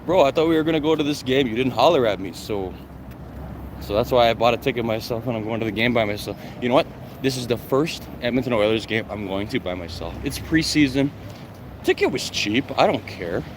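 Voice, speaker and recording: A man's voice: mid-range voice, animated, fairly quick. A man live-streaming from a phone while walking outdoors, chatting loosely and answering viewer questions. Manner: loose, chatty, swears casually. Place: outdoors on city streets heading to an arena. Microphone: phone held while walking. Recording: clear street noise from walking outdoors. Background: street traffic and city noise.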